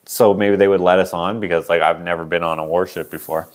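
A man in his late twenties with a somewhat low voice hosts a livestream auction. He tells his story in a loose, chatty way, keeps interrupting himself, and drifts off on tangents. He speaks into a microphone he wears. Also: steady tone, fairly quick. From Canada. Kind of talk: rambling casual storytelling. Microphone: wearing a microphone.

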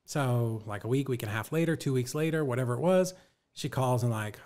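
A man's voice: medium pitch, a little fast, darkish tone. A middle-aged man, a guest on a talk show, casually telling a story, acting out both sides of the dialogue, swearing freely and saying "like" a lot. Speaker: podcast guest, real estate investor.

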